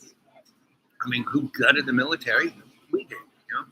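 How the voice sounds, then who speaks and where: A man's voice: mid-range voice, measured pace, sharp tone, a little hiss or hum, rough recording. A man hosting his own show, rambling opinionated commentary while eating breakfast with his mouth full. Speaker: online show host.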